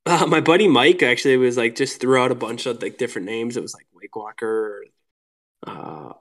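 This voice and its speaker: Minnesota guy on a podcast, animated storyteller, laughs a lot, says like constantly. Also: mid-range voice, moderate pace. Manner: animated, laughing, lots of "like" fillers. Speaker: podcast guest, lure builder. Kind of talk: casual storytelling chat.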